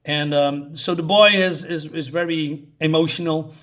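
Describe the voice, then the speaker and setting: A man's voice: on the high side, fairly even intonation, measured pace, a bit bright. A man chatting casually through a comic book review, hesitant, with many fillers and restarts.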